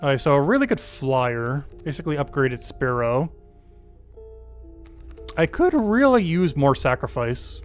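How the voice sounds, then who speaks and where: A man streaming a card game, thinking aloud about his moves and slowly reading out game text with many fillers. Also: mid-range voice, big pitch swings, faint music behind. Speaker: gaming streamer. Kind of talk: casual live-stream commentary.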